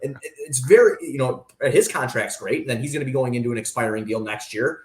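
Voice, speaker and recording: A man talks as a guest on a sports radio show, opinionated and animated, piling up fillers as he argues his case. His voice sits at a middle pitch. The recording has a roomy, echoey sound. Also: quick pace. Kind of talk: sports talk radio discussion.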